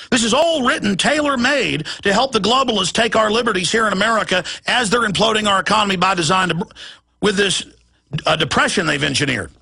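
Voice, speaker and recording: A man hosting a talk show, ranting in an agitated monologue and often shouting, with repeated words. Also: high voice, creaky, husky. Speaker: radio talk show host.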